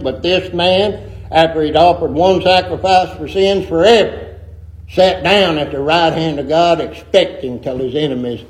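A man's voice: a little high, poor audio. A middle-aged man preaching a sermon in a folksy, emphatic way with rustic grammar.

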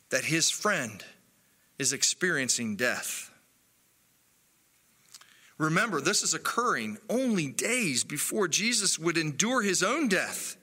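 A man delivers a sermon in an earnest, measured way, leaning on his pauses. His voice sits fairly high and moves around a great deal in pitch, with a very bright, forward tone, and he takes his time. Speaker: pastor.

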